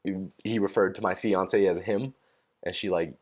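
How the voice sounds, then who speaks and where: A man's voice: deep voice, fairly even intonation, normal speed, darkish tone. Young man rambling through a profane rant. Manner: profane, rambling storytelling with many fillers; amused, laughs at own stories. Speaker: podcast host. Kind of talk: casual solo rant.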